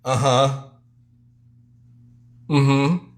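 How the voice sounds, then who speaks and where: A man's voice: medium pitch, fairly even intonation, drawn-out words. A middle-aged man co-hosting a live stream, teasing and joking about himself. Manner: dry, self-deprecating teasing. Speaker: co-host, artist. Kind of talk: casual live-stream banter.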